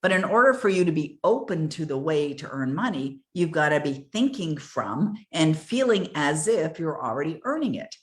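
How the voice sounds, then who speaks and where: A woman's voice: sits low, sing-song, normal speed, few pauses. Emphatic older woman coaching. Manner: earnest, emphatic, repeats key words. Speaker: success coach. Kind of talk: motivational coaching talk.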